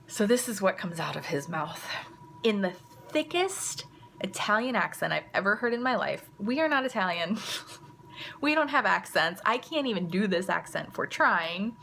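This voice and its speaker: A woman's voice: mid-range voice, very animated, normal speed, vocal fry, bright, forceful tone, slight background noise. A mother telling a story to camera in a chatty, casual way, full of "like" and "you know.". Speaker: mother and vlogger.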